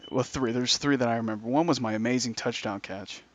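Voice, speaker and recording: A man's voice: medium pitch, fast talker. A man in his thirties, a podcast host, telling old stories in casual, profane chat. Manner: swearing, laid-back storyteller acting out voices. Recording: dull lo-fi sound.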